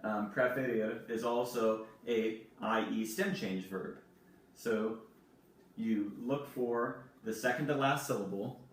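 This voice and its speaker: A man speaking at a middle pitch gives a recorded classroom lesson, patiently walking through each form and spelling words out letter by letter. His voice carries a heavy room echo and sits back from the microphone. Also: slow, distant mic, slight background noise. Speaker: Spanish teacher.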